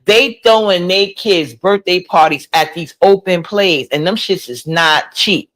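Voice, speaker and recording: On a livestream, a woman in her forties chats casually while reading and answering comments. Her voice is lowish and a little slow, with a fairly bright tone, and she comes across gossipy and incredulous, talking back to chat.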